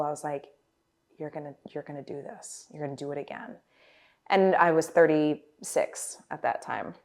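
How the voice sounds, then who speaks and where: A woman in her forties, appearing as a guest performer, tells stories animatedly in a casual interview. Her voice sits low with vocal fry, and her talk is full of fillers and restarts.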